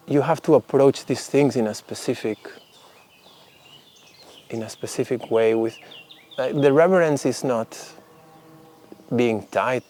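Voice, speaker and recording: A man's voice: mid-range voice, slight background noise. A man telling a personal story casually, rambling with many fillers. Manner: rambling, lots of fillers, animated when quoting others.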